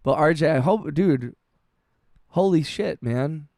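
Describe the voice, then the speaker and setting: A man streaming music production, chatting casually with his chat, halting and heartfelt, often restarting and swearing with lots of "bro" and "dude". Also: on the high side, animated, darkish tone, dry recording, clean studio sound. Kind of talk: casual livestream chat, reading chat messages.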